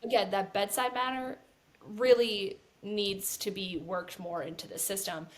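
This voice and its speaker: A woman's voice: mid-range voice, steady tone, measured pace. A woman co-hosting a casual podcast conversation, earnest and talking in restarts with lots of "like". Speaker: podcast co-host.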